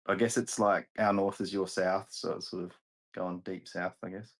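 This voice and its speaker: Husky low-voiced Australian man. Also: level tone, normal speed, low-quality recording. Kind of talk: casual chat.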